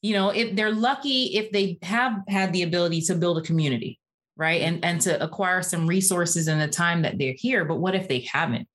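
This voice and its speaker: Woman in her 40s, podcast guest, fired-up and talkative, slightly low voice. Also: brisk, fairly bright tone. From Atlanta area, USA. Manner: passionate, talkative, uses "y'all". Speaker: guest, physical therapist. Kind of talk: casual interview conversation.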